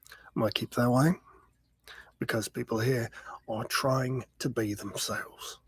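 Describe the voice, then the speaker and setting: Man doing a grizzled guardian, Australian accent, gruff, menacing, husky, dry. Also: medium pitch, fairly even intonation, slow pace, no echo, heavily acted. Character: grizzled leathery male avatar club guardian.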